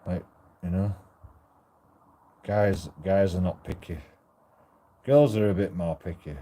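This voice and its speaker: Low, very dark-voiced rambling man. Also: slow. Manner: rambling, profane, self-interrupting. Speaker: auditor vlogger. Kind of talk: rambling casual monologue. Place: outdoors while walking.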